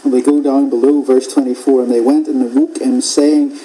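A man preaching an expository sermon in a measured way, repeating phrases for emphasis and dropping to a hush at key points. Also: mid-range voice, flat delivery, poor audio.

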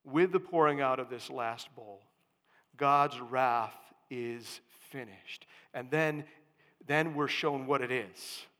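A male pastor preaching a sermon, dropping to hushed lines and then rising to booming proclamations. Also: takes it slowly. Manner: dramatic swings from hushed to booming. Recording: long church reverb.

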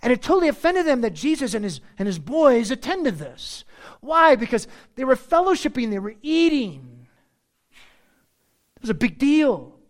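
A pastor delivers a sermon to his congregation in a lively, conversational style, sprinkling in jokes and playful asides. His pitch ranges widely, climbing high for emphasis and sinking low for confiding remarks, all at a moderate pace.

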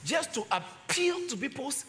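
A man preaching a sermon, shifting from quick low talk to loud shouted emphasis and repeating phrases. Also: sing-song.

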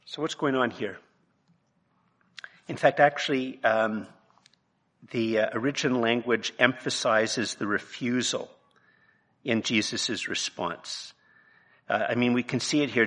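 A man preaching a sermon from his notes, emphatic, dropping to a hush and then rising to loud, pressing points. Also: medium pitch, moderate pace, long pauses. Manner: emphatic, swings from hushed to loud.

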